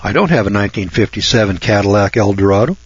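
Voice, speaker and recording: A man's voice: lowish voice, lively intonation, quick pace, slightly rough, dry recording, muffled recording. A man hosting a radio talk show, ranting in a folksy, sarcastic monologue that rambles and often restarts.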